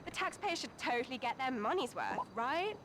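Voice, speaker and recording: An actress playing a spoiled, snobbish young British celebrity, with an English accent and a drawling, entitled way of talking full of fillers. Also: female voice, high-pitched, sing-song, normal speed, background noise. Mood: whiny.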